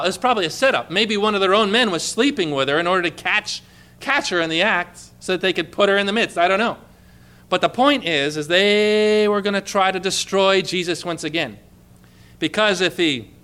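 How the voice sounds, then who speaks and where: A man preaching a sermon, emphatic, repeating key phrases and dropping to a hush for quoted lines. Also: sits high.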